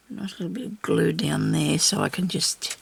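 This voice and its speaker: An older woman chats her way through a crafting session at home, wandering off topic and quietly asking herself what to do next. Her voice is deeply gravelly and husky. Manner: rambling, talks to herself while working. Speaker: craft channel host. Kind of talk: casual crafting chat.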